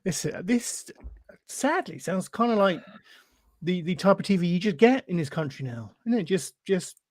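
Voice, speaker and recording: A man's voice: sits high, expressive, moderate pace, darkish tone, no echo. A man co-hosting a podcast, chipping in with dry, teasing remarks. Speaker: podcast co-host. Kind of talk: casual chat.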